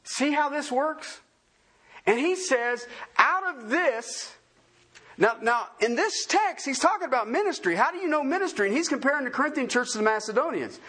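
Guy preaching a sermon, high voice that jumps all over, keeps asking the crowd questions. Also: moderate pace. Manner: animated, asks the congregation many questions. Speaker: pastor.

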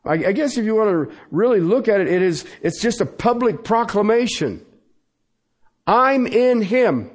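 A pastor preaches in church, emphatic and repetitive, with sudden shifts of pace and a repeated "Okay?" to check in with listeners. His voice sits high with a darkish tone, animated and a little fast, hardly pausing.

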